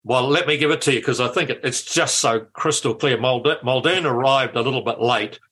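Older NZ man, bright forceful voice, animated anecdotal guest. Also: mid-range voice, a little fast. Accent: New Zealand. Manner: animated anecdotal storytelling with restarts. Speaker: guest, former politician. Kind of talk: casual chat.

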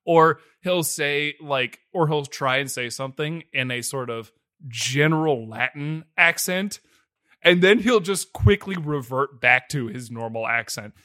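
A man's voice: a little high, unhurried, pushed and bright, no room sound, studio quality. A man co-hosting a podcast, reviewing a movie in casual, mocking chat full of swearing. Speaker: podcast co-host.

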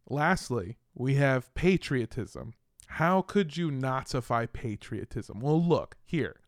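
A man's voice: mid-range voice, lively intonation, takes it slowly, pauses often, no echo, clean studio sound. An American man hosting a comedic history podcast, narrating with swearing and jokey asides. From United States.

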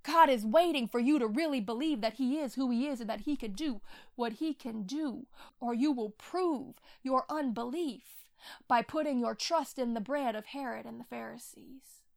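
High-voiced woman preaching with fervor. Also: moderate pace, gravelly. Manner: dramatic, swinging between hushed whispers and loud crying out. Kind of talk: impassioned sermon and prayer.

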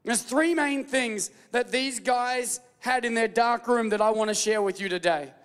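Male pastor, very high voice, lively playful preaching, call-and-response, large echoing church hall. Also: normal speed, clean tone. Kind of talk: sermon.

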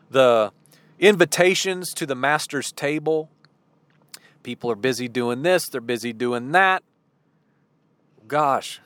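Man, preacher, sermon, slow deliberate delivery, dramatic storytelling, dry close sound. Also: a little high, a bit bright, dry recording.

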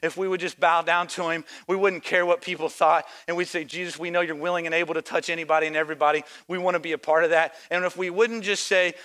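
A male pastor preaching a sermon. He acts out the voices of people in the story and swings between quiet reflection and loud, shouted exhortation. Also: fairly high pitch, fairly even intonation, fast, hardly any pauses. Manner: acts out voices of story characters and church members.

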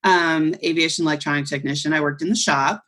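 A woman spins a story over casual podcast chat. Her voice sits a little low and carries a husky edge. She slips into the voices of the people she quotes. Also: steady tone, quick pace, fairly bright tone. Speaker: podcast co-host.

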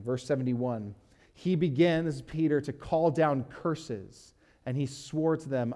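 A man pastor teaching a sermon in a relaxed, conversational way, reading scripture aloud and often saying "like". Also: mid-range voice, measured pace. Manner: casual, uses "like" and fillers, reads scripture aloud.

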